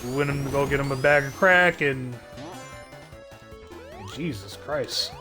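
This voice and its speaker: A man's voice: medium pitch, slow pace, music in the background. A man streaming live, ranting to his chat in a rambling, sardonic way, swearing constantly and restarting his sentences. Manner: rambling, heavy cursing, sardonic.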